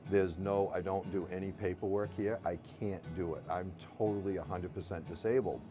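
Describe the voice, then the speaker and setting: Music plays behind this low, steady male voice at normal speed. The speaker, a U.S. medical cannabis patient and caregiver, is being interviewed and speaks frankly about his story, cursing freely, wandering, and starting sentences over.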